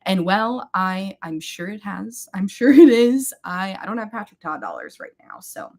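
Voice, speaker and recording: A woman's voice: medium pitch, sing-song, moderate pace, a little mellow. A young woman chatting casually with viewers while doing her makeup on a livestream, rambling and greeting people by name. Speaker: beauty livestream host.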